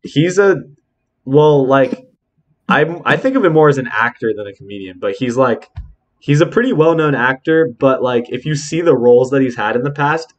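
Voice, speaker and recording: A young man hosts a casual podcast at a mid-range pitch. He rambles excitedly and strings thoughts together with plenty of "like". It sounds like loose, unscripted chat among friends. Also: moderate pace, dull audio. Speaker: podcast host.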